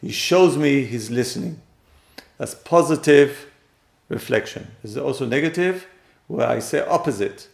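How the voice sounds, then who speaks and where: Gravelly man teaching in an echoey room. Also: medium pitch, lively intonation, measured pace. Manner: acts out quoted speakers with sudden loud jumps. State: voice a bit strained. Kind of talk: lecture on relationships.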